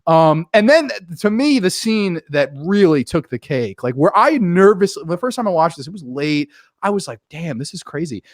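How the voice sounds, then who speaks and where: A man co-hosting a casual movie review chat, animated, laughing often and acting out scenes in voices. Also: high-pitched, moderate pace, dry recording, studio quality. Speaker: podcast co-host.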